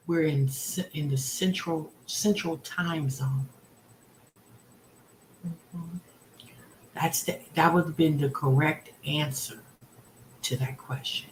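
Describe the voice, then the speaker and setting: A woman hosting a livestream, ranting at a viewer in an animated, exasperated way. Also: deep voice, slow, long pauses, slight background noise. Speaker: host. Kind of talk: livestream commentary. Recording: roomy echo.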